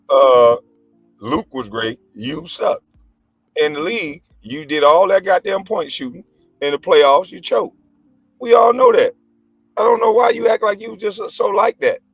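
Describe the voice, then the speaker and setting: With faint music behind and a dry recording, a former pro basketball player in his forties hosts a livestream and launches into a heated, profane rant. His expressive, slightly rough voice is on the high side at normal speed, as he mocks, argues combatively and laughs with scorn.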